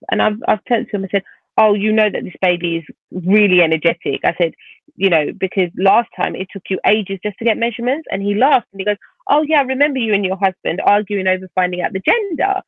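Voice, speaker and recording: A woman's voice: medium pitch, gravelly, dry recording. A woman guest vividly retelling a painful personal story in conversation, speaking animatedly. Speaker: podcast guest. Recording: tinny phone-like line.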